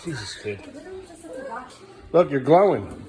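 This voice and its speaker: A man's voice: medium pitch, lively intonation, slow, mellow. Dad coaxing his little kids. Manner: coaxing and bantering with small children. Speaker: father vlogging his day with his sons. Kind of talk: casual family vlog. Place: family home, indoors.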